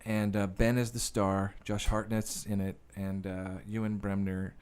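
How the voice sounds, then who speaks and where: Low-voiced man telling rambling stories. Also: flat delivery, measured pace, darkish tone, clean tone. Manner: profane, rambling, many fillers. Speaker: guest actor and director. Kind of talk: casual interview storytelling.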